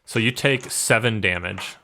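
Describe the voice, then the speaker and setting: A young man narrating as game master, describing scenes in a relaxed way with many fillers. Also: fairly low pitch, a little slow.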